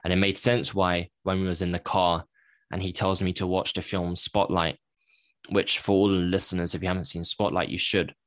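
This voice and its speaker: A man's voice: sits low, level tone, normal speed, fairly bright tone, dry recording. A man, a podcast guest, candidly recounting a personal story in a reflective way, often correcting himself mid-sentence.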